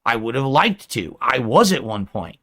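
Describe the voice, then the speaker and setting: A man's voice: mid-range voice, sing-song, moderate pace, pushed and bright, faint music behind. A man streaming, delivering a self-pitying, lecturing monologue to his viewers.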